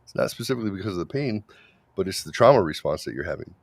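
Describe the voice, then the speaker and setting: A man's voice: sits low, expressive, racing, vocal fry, a crowd in the background. A man from Wyoming, a guest on a talk show, speaking bluntly and swearing freely. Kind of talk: casual chat.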